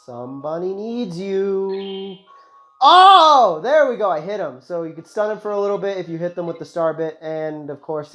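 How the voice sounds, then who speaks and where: A man's voice: fairly high pitch, a little mellow. A man giving casual, joking, rambling commentary while playing a video game. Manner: joking, rambling, self-mocking. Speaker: let's play host. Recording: slightly muffled, game music behind.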